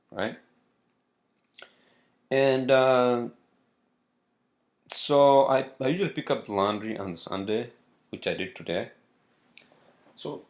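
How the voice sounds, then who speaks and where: Brief: male solo host, gravelly voice, loose profane rambling. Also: lowish voice. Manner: rambling, profane, halting with fillers. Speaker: podcast host. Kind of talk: casual solo monologue.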